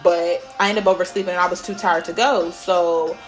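A woman's voice: fairly low pitch, fairly even intonation, a little fast, faint music behind. A woman hosting a podcast, giving a casual spiritual pep talk in a blunt, profane way. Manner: blunt and profane, swears freely. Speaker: podcast host.

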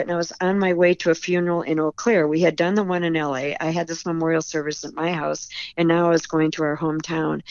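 A woman's voice: on the low side, darkish tone, smooth, dry recording. Woman author, podcast guest, earnest and emotional storyteller, dry and slightly muffled recording. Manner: tearful and earnest, with repeated restarts.

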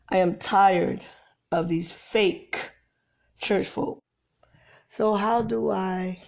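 A woman preaching an informal sermon, swinging from exasperated emphasis to soft, near-whispered lines. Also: mid-range voice, creaky.

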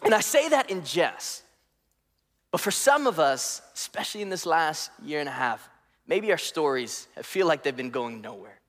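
A high-pitched man preaches in a church auditorium, with long echoes trailing his words through the hall. He is from the DC area and keeps things playful, teasing the congregation and joking between points. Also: big pitch swings, normal speed, a bit bright. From DC area, United States. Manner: playful, joking, acts out voices in anecdotes. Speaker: guest preacher. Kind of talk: sermon.

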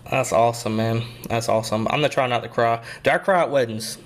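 A man's voice: medium pitch, fast talker. A young man co-hosting a casual podcast, rambling and self-deprecating, laughing often as he talks. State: a bit out of breath. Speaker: podcast co-host and youth pastor.

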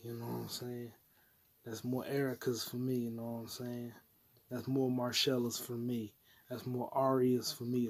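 A man's voice: mid-range voice, husky. A man hosting a solo podcast, rambling crudely and profanely from topic to topic. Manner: crude, profane, jumps between topics, puts on mock voices. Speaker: podcast host.

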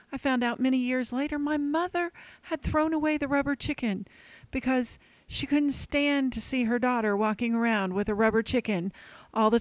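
Co-host, woman, fairly high voice, wistful storyteller, dry close sound. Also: no echo. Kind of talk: personal storytelling.

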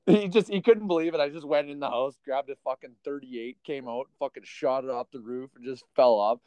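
A man's voice: medium pitch, normal speed, a little mellow, clear, resonant tone, no room sound, muffled recording. A man in casual chat, rambling and profane, telling stories with frequent laughter.

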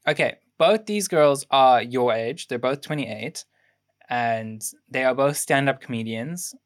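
Here an unhurried, mid-range voice comes from a young adult co-hosting a relaxed film review podcast. The production trivia spills out in a rambling way, peppered with ums, corrections and restarts as the speaker works the facts out mid-sentence.

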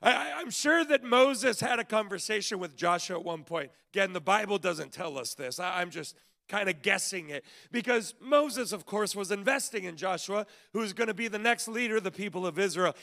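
A man pastor giving a sermon at a church service in a lively, conversational way, with frequent stammered restarts. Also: high voice, normal speed, gravelly.

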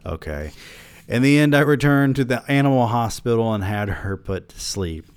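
A man's voice: mid-range voice, expressive, normal speed, smooth, no echo. A man reading a story aloud who keeps breaking off to mock himself in sardonic comic asides. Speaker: reader of a story.

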